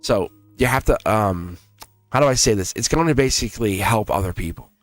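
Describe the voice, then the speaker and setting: A man's voice: on the low side, animated, brisk, soft background music. A man giving a live-streamed tarot reading in an earnest way, repeating himself and laughing often. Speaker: tarot reader.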